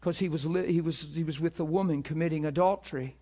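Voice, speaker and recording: A man preaching to a ministry school, telling a story with emphatic, animated delivery and acted-out dialogue. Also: fast talker. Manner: animated, emphatic, acts out dialogue with rising pitch. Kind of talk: sermon storytelling.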